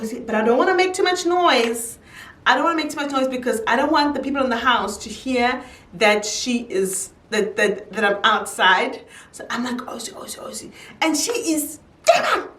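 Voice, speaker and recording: A young woman telling a casual storytime, animated, her voice jumping high whenever she quotes someone. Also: distant mic. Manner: animated storyteller, jumps high when quoting. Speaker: YouTuber. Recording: roomy echo, a little off-mic.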